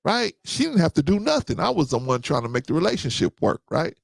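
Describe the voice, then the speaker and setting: A man's voice: on the high side, very animated, brisk, gravelly, no room sound, clean studio sound. A man hosting a casual show, telling personal stories and acting out both sides of the conversations. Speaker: host. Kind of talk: casual storytelling and live chat commentary.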